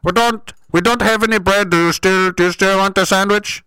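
A man's voice: high-pitched, fairly even intonation, sharp tone, smooth, no echo, voice pushed down. A man doing a stammering drive-thru worker woman. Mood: hesitant. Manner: halting, stammering, repeating herself. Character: flustered female fast-food drive-thru worker.

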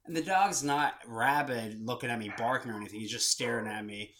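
A young man co-hosting a casual podcast, with a bright, ringing tone. He rambles through stories and acts out the voices of the people in them. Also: medium pitch, fairly quick, a little hiss or hum. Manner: rambling, animated storytelling, acting out voices. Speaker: podcast co-host. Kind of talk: casual storytelling chat.

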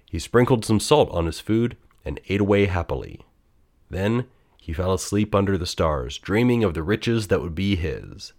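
Male storyteller, low voice, expressive children's read-aloud. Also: moderate pace.

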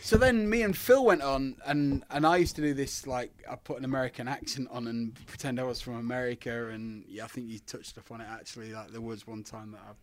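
A man's voice: mid-range voice, steady tone, fairly quick, hardly any pauses. A British man, a former wrestler, telling stories as a guest and laughing often. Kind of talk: casual storytelling.

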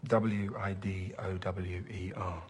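A gentle widowed dad. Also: male voice, low-pitched, little pitch movement, takes it slowly. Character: devoted widowed single father.

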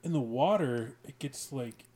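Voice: medium pitch, expressive, measured pace, dark tone. A podcast co-host in casual chat, cutting in with blunt, teasing questions.

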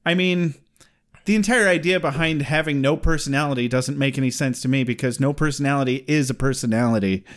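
A man's voice: medium pitch, fairly quick. A man co-hosting a podcast, chatting casually and joking, laughing often. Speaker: podcast co-host. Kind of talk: casual chat.

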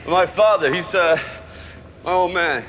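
A halting, mumbling young boxer. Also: male voice, sits high, fairly bright tone, slight background noise. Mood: bashful. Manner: halting, mumbled, working-class speech. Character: shy, slow-witted young male boxer. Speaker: boxer in a film scene.

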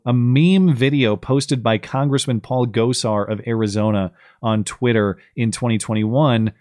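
A man's voice: medium pitch, darkish tone, no room sound, studio quality. Sarcastic male political commentator. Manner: sarcastic, mocking. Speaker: podcast host.

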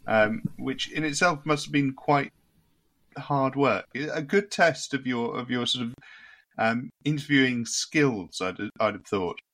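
Male co-host, mid pitch, dry wry humour, casual chat. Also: a little slow, a bit bright. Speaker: podcast co-host.

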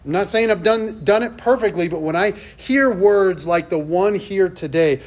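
Pastor, man, middle-aged, chatty storytelling sermon in church, slightly high voice. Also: moderate pace. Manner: conversational and storytelling, with self-deprecating asides.

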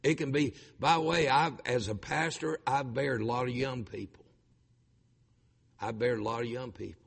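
A middle-aged man, preaching a sermon as a pastor, stammering and repeating himself, rising to shouts. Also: mid-range voice, normal speed, gravelly, slightly rough, in a large hall. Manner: impassioned preaching, shouting at peaks, stammered repetitions.

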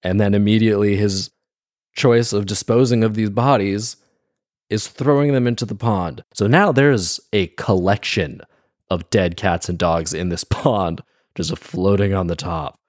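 Low-voiced man with wry, sarcastic asides. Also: a little slow, a little mellow, no room sound, clean studio sound. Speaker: storyteller and commentator. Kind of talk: fairy-tale reading with comic commentary.

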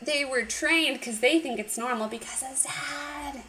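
A woman casually recapping a cartoon episode, animated and giggly, acting out the characters' lines. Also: high-pitched, unhurried, slight background noise, poor audio. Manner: animated retelling with acted quotes, giggly. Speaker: podcast co-host.

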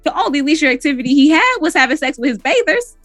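A woman's voice: sits high, sing-song, fast, a bit bright, dry recording, soft background music. A woman co-hosting a casual podcast, explaining clinical diagnoses in plain talk and laughing between points. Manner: clinical terms mixed with laughing banter. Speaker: podcast co-host, therapist. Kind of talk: casual chat.

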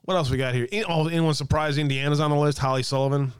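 A man's voice: fairly high pitch, fairly even intonation, rapid-fire, clear, resonant tone, dry recording, clean studio sound. A man hosting an online commentary show, ranting sarcastically and reading aloud from a website with muttered asides and casual swearing. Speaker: host of a political commentary show.

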